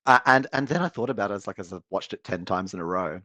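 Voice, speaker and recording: A man's voice: fairly low pitch, fast talker, no room sound. A man co-hosting a casual chat show, telling rambling stories and laughing often. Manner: rambling, laughing, animated storytelling. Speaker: podcast co-host.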